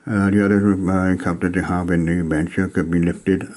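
A man from Wales talks through a review of a tabletop adventure module. His voice sits low, and he stops often to fill gaps with ums and uhs. The delivery is a relaxed, unscripted spoken review. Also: fairly quick. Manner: hesitant, many ums and uhs.

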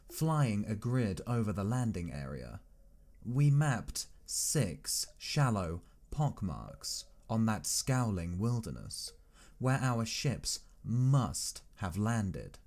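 A man reading a science fiction story aloud as an audiobook, in measured, expressive first-person narration. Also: fairly low pitch. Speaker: audiobook reader.

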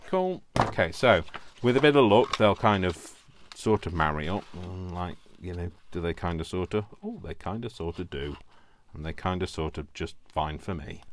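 A man's voice: sits low, moderate pace, few pauses, slight background noise. A man with a Yorkshire accent chatting casually as he walks through a craft project, talking to himself and poking fun at his own work. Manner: chatty, self-deprecating, talks to himself while working. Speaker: craft video host.

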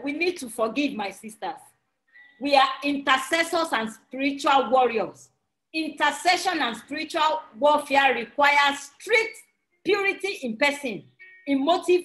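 High-pitched woman preaching in an echoey room. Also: a bit bright. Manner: earnest, pleading, rising to emphatic outbursts. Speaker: women's prayer ministry leader. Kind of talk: sermon with scripture reading.

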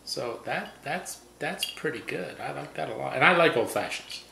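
A man's voice: mid-range voice, moderate pace, vocal fry. A man co-hosting a cocktail tasting show, joking and chatting casually over drinks. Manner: joking, relaxed banter. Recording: roomy with faint background noise.

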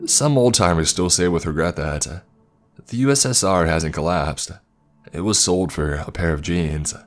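A man narrating a horror story in a measured, ominous scripted delivery. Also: low voice. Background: faint background music.

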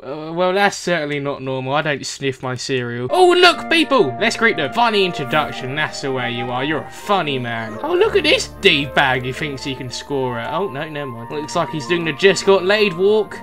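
A young man gives chatty game commentary, mocking his character with a voice that swings wide and leaps up in pitch when something surprises him. Game music plays underneath him throughout. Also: normal speed, hardly any pauses. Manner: chatty, teasing, prone to sudden excited pitch jumps. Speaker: gaming channel host.

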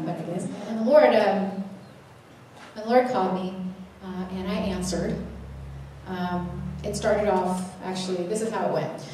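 At a church conference, a young adult woman shares a sermon-style testimony, telling her story with humor and acting out her own quotes. Her medium-pitched voice has a darkish tone, with slight background noise. The mic sits at a distance in a very echoey hall.

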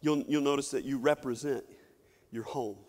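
A man's voice: mid-range voice, steady tone, moderate pace, darkish tone. A middle-aged man from Kentucky preaching a sermon and telling stories, now and then mimicking other people's voices. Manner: storytelling, mimics imagined voices. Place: church sanctuary. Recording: long reverb of a church hall.

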